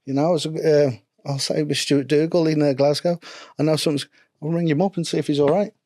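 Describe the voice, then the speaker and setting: A man's voice: a little high, fairly even intonation, fairly quick, warm tone, no echo, studio quality. A middle-aged man with a local English regional accent, speaking candidly and at length as a podcast guest and mental health instructor. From England. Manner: rambling, earnest, self-deprecating.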